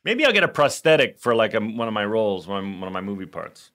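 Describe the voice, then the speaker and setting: A man co-hosting a podcast, chatting casually and retelling scenes with lively playacting. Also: fairly low pitch, quick pace. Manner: storytelling, acts out scenes, restarts when moved. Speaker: podcast co-host. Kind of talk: casual chat.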